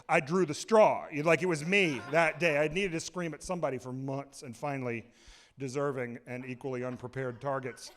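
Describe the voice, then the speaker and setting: A man telling a comic story live on a small cultural center stage, excitable, rambling and self-mocking. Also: on the high side, a little fast.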